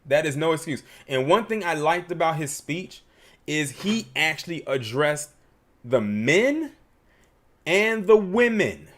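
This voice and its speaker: A man's voice: fairly high pitch, big pitch swings, slow, fairly bright tone. A man hosting a livestream, giving emphatic, opinionated commentary and reading super chats.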